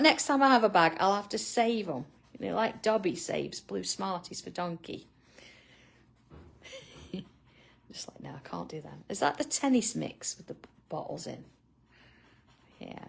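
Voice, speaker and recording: Gravelly chatty woman. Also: medium pitch. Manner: chatty, laughs often, answers viewers by name. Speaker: art tutorial host. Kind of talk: chatty live drawing tutorial.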